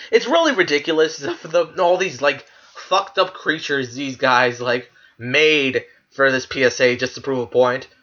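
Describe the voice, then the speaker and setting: A man's voice: mid-range voice, bright, forceful tone, muffled recording. A man giving casual, profane commentary while ranking clips, ranting in disbelief and laughing. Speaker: video creator ranking clips.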